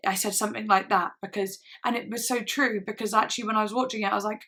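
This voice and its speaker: A woman's voice: medium pitch, flat delivery, fast talker, few pauses, fairly bright tone. A young woman vlogging to camera in a casual, earnest way, rambling with lots of "like" and restarts. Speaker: YouTube reaction vlogger.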